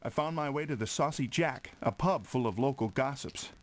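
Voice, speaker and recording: An actor voicing a young gentleman who narrates his own investigation in an FMV game, calm and measured. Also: medium pitch, natural voice. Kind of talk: first-person game narration.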